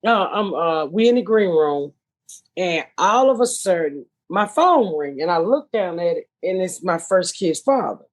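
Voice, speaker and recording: A woman hosting a podcast, telling a story in a profane, animated way. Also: fairly low pitch, measured pace. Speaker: podcast host. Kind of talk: casual storytelling chat.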